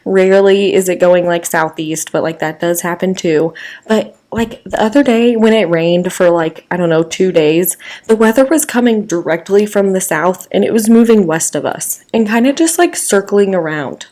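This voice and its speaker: A woman's voice: medium pitch, moderate pace, a little mellow. A young woman from the Midwest co-hosting a podcast, rambling through casual chat with lots of fillers and laughter. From American Midwest. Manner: rambling, giggly storytelling with many fillers. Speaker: podcast co-host.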